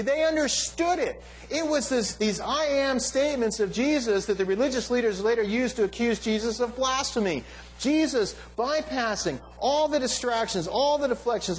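Animated high-voiced male preacher. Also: low-quality recording. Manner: animated, emphatic, with frequent "right?" asides. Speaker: pastor. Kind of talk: sermon.

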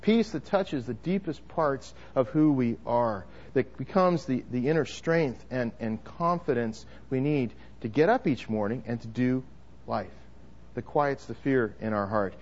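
A man's voice: medium pitch, measured pace, a little mellow, highs cut off. A man preaching a sermon to a congregation, emphatic, with frequent restarts and repeated words. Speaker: pastor.

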